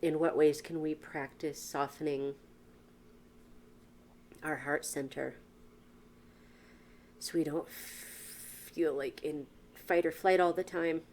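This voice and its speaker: Woman podcast host with a slightly low voice, earnest and blunt, working through big questions in a solo monologue. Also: fairly even intonation, takes it slowly, long pauses, darkish tone. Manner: earnest, questioning, speaks frankly with casual swearing.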